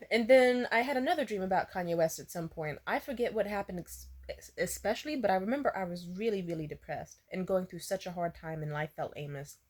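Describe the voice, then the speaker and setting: A woman's voice: mid-range voice, lively intonation, a little fast, darkish tone. A woman vlogger casually telling a story, swearing freely, laughing often and saying "like" a lot. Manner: profane, laughs often, lots of "like".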